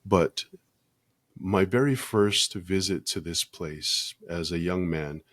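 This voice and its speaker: A man being interviewed as a podcast guest, talking in a measured, earnest way with frequent pauses. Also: low-pitched, fairly bright tone, no room sound. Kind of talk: reflective interview conversation.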